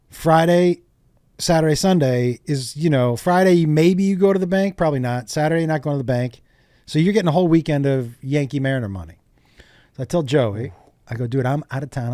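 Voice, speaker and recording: A comedian guest on a podcast, telling profane stories in lively, casual chat. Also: male voice, a little high, normal speed, no room sound, clean studio sound.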